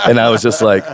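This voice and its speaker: A man from Northern California telling a long, animated, profane story in casual chat, acting out the voices of the people in it. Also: on the low side. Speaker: podcast guest.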